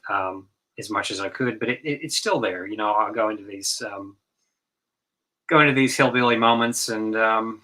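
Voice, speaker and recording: A man with a Southern US accent chats on a livestream, often pausing to search for his words. His voice sits low but has a bright, forceful edge. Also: poor audio. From North Carolina, USA. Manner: halting, many fillers and restarts, laughs. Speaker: stream guest. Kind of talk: casual stream chat.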